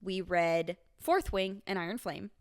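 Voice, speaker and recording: A woman's voice: medium pitch, measured pace. A young woman in her twenties co-hosting a podcast in casual chat, chatty and self-mocking, laughing often. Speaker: podcast co-host.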